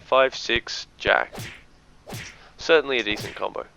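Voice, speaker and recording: An Australian esports commentator delivers chatty, jokey live-stream commentary on a game match and gives shoutouts, his voice medium-pitched, measured, and gravelly. The stream audio is dull and lo-fi with faint noise.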